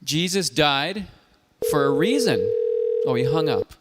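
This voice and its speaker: A man hosting a call-in show, speaking in a calm, earnest and measured way. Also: on the high side, very noisy. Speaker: host. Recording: long reverb.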